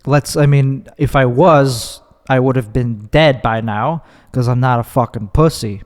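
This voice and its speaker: A man's voice: mid-range voice, unhurried, a little mellow. Man, solo podcast rant, crude and sardonic, stop-start delivery, lingering reverb. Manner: rambling, profane, sardonic, self-interrupting. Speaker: podcast host. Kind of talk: solo comedic monologue.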